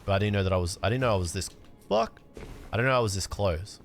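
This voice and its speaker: Soft background music plays as a young man streams a game, talking loosely with his chat and cracking jokes. He speaks in a low pitch at a rapid-fire pace. Every so often he breaks into sudden excited outbursts.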